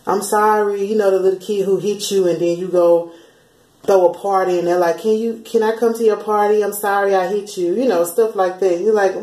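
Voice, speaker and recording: A woman talks through spiritual messages in a loose, conversational way, acting out what others say in little quoted voices. Her voice sits at an ordinary middle pitch. The room around her is noticeably echoey. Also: fairly even intonation, fairly quick, warm tone. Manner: chatty, laughs often, slips into sung lines and quoted voices. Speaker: spiritual channeler. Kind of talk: casual spiritual message vlog.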